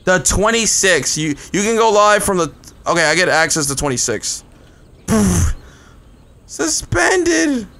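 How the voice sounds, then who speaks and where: A young man streaming a game live, chatting excitably with viewers and swearing often. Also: high-pitched, moderate pace. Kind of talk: live gameplay commentary.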